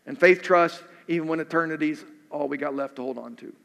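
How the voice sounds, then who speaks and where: A man's voice: a little high, brisk, creaky, fairly bright tone. A male pastor preaching a sermon in an earnest way, repeating questions for emphasis. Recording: echoey hall.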